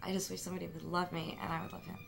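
A woman's voice: lowish voice, level tone, very fast, vocal fry, background noise. A young woman talking to her camera at home in a rambling, self-mocking vlog, full of fillers and restarts. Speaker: vlogger. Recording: music playing in the room.

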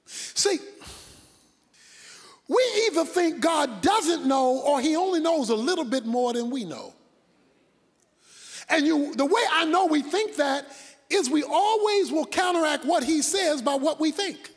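A man preaching a sermon, dramatic, swinging between loud shouts and hushed asides. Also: very high voice, expressive, a little slow, pauses often, big-room sound.

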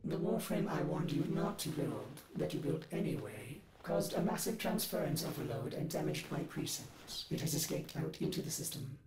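A man's voice: fairly high pitch, very animated, moderate pace, few pauses. An actor voicing a fussy, dutiful male ship AI in a video game, speaking precisely and formally. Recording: roomy game audio over crowd noise.

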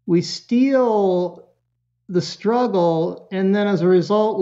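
Man, parenting expert guest, lively storyteller, lo-fi sound. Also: sits high. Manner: animated storyteller with chuckles and voiced quotes. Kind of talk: storytelling in a podcast interview.

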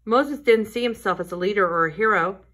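A woman's voice: medium pitch, fairly quick. Woman telling a children's Bible story. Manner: gentle storytelling, addressing children directly. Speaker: Sunday school teacher.

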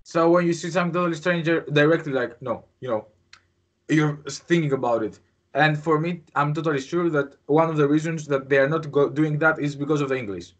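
A man's voice: on the high side, fairly quick. Greek man chatting, hesitant. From Greece. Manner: rambling, hesitant, many fillers. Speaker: host. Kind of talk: casual interview chat.

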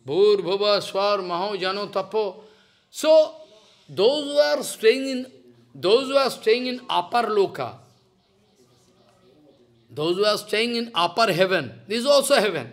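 High, bright preacher. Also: male voice. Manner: emphatic, repetitive, asks listeners questions. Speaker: spiritual teacher. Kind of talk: devotional discourse.

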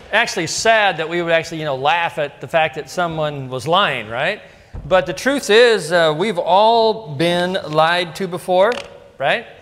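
A man's voice: fairly high pitch, a bit bright, big-room sound. A middle-aged male pastor giving a casual, story-filled sermon that is full of asides and rhetorical questions to the congregation. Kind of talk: conversational sermon. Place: church sanctuary.

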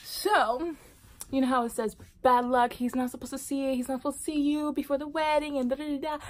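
A woman vlogger casually telling a personal story to camera, animated and dropping into whispered asides. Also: high-pitched, normal speed.

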